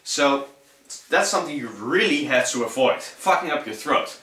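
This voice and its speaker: Here the same kind of speaker, a young native Dutch man from the Netherlands, sounds animated and forceful, with a bright, medium-pitched voice at a moderate pace. He's giving a loose, swear-filled, easygoing singing lesson in Dutch-accented English. The mic sits far away in a room with plenty of echo.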